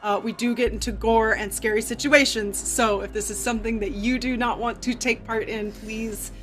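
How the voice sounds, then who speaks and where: A woman's voice: fairly high pitch, fairly even intonation, normal speed, fairly bright tone, soft background music. A woman narrating as game master of a live horror tabletop game, chatty and loose with many fillers and restarts.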